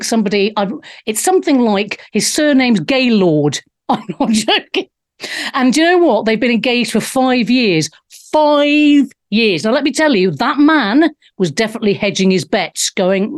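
Outspoken female talk host from England, brash and jokey, fairly high voice. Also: lively intonation, normal speed. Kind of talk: live talk show monologue.

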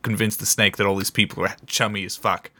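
A man's voice: lowish voice, little pitch movement, fast talker, pushed and bright, no echo. A man playing a tabletop role-playing game, talking in a swaggering, profane, laughing way. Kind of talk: in-character role-play, casual.

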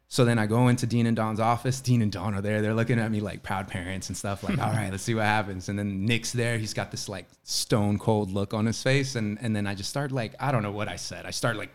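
A man's voice: on the low side, a little fast. A young man from Florida, an actor, telling stories in casual chat and acting out the quoted lines. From Orlando, Florida. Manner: animated storyteller acting out quotes. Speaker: actor and guest.

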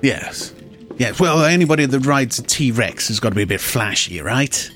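A man at a tabletop game, joking and halting as he talks in character. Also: medium pitch, lively intonation, fairly bright tone, faint music behind. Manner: jokey, halting. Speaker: player.

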